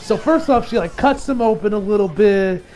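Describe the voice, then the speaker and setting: A man's voice: sits high, lively intonation, normal speed, darkish tone. A man giving a casual, rambling episode recap as an anime reviewer, full of fillers and laughs.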